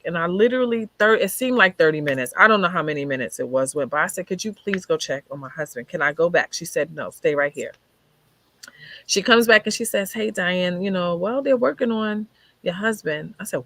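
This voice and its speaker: A woman's voice: lowish voice, lively intonation, moderate pace, no echo. Woman vividly retelling a hard memory. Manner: vivid retelling, acting out what others said. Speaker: guest sharing her life story. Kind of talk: personal storytelling in a conversation. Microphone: video call.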